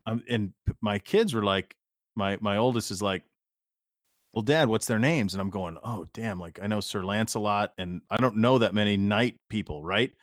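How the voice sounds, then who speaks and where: A man's voice: lowish voice, normal speed, dry recording, studio quality. A man co-hosting a podcast, rambling through stories in casual chat and swearing lightly. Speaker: podcast co-host.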